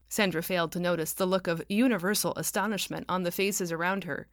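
A woman reads her own novel aloud in a wry, dry narrating voice. The sound is close and dry, with steady, even storytelling. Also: fairly low pitch, a little fast, hardly any pauses, no echo. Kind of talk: audiobook narration.

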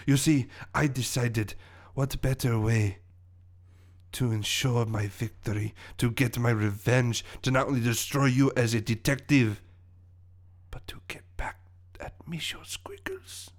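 A man's voice: mid-range voice, measured pace, close to an everyday voice. A man voicing a scheming, pompous French male villain who speaks with a put-on French accent and monologues grandly. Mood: gloating.

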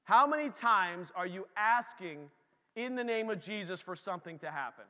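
A pastor preaching a lively, conversational sermon in a church, talking straight to his congregation. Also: high voice, in a large hall.

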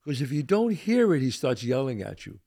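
An older man hosting a podcast, with a gravelly, creaky voice at a middle pitch. He talks in a casual, heartfelt monologue and hammers his points home by repeating them. His manner is blunt and a little profane. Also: very animated, brisk, mellow. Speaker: podcast host.

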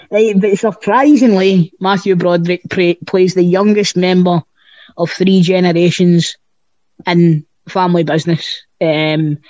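This co-host's voice sits high and darkish, steady and slow, with no room sound on a dull, dry lo-fi recording. He talks films casually on the podcast, cracking jokes, swearing, and telling stories.

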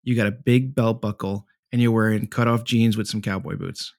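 A man's voice: on the low side, steady tone, moderate pace, gravelly, darkish tone, no echo, studio quality. A man co-hosting a casual podcast, a student pilot who jokes and rambles. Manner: joking, rambling.

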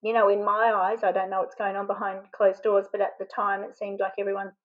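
A woman from Australia telling a personal story in an interview, halting and often choked up with emotion. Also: mid-range voice, flat delivery, dull audio. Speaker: interview guest.

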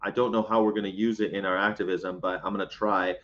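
Speaking fast in a fairly low, level voice, a man runs a casual vegan livestream from inside a parked box truck. He wanders from topic to topic with jokes and reads viewer comments aloud as he replies. The audio is dull.

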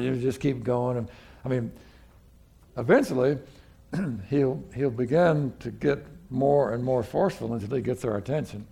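A man's voice: mid-range voice, moderate pace, vocal fry, mellow, husky. A man, preaching a sermon as pastor in a folksy, conversational way with frequent restarts.

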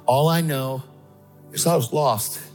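Taking it slowly in a mid-range voice, a man delivers a sermon as a guest preacher, sharing his testimony emphatically and excitably while voicing other characters. Faint music runs behind him.

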